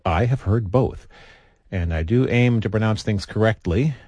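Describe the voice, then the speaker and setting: Wry, deep-voiced male radio host. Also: normal speed, darkish tone, no room sound. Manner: wry, playful. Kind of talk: radio presenting.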